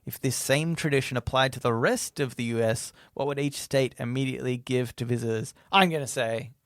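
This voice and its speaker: Creaky Australian man on a podcast. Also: medium pitch, brisk, no room sound, studio quality. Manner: joking, laughs often, trails off mid-sentence. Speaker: podcast co-host. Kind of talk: casual chat.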